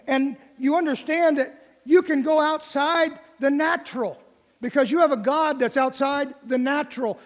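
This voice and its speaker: A man's voice: extremely high pitch, long reverb tail. A middle-aged male pastor preaching a folksy, conversational sermon in a church, with light humor. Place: church sanctuary.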